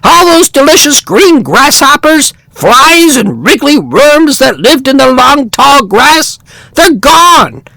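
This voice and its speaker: Storybook bird: man putts on a tiny, grumpy, high-pitched shrieker, dry close sound. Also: sing-song, slow pace, gravelly, sharp tone, dry recording, full character voice. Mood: sad. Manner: shrill and shrieking. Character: small, grumpy, territorial male bird.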